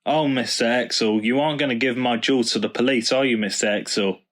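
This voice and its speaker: A man voicing a childlike talking car in a storybook reading, quick and pleading. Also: mid-range voice, fairly even intonation, a bit bright, lightly acted.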